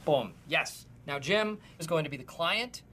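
An actor playing a self-important, overeager office boss in a sitcom. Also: male voice, a little high, lively intonation, a little slow, sharp tone, a little hiss or hum. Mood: pompous. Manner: pompous, overeager. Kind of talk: sitcom acting.

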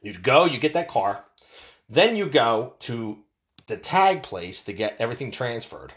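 The audio is dull, and the man's mid-range voice moves a little slowly as he tells a rambling story in a laid-back rant. It's an animated, profane monologue, full of swearing and sentences he keeps restarting.

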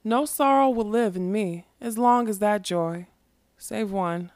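A woman voicing a sorrowful immortal female unicorn in a storybook reading, solemn and measured. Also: medium pitch, darkish tone, no echo, clean studio sound, lightly acted. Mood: gentle farewell.

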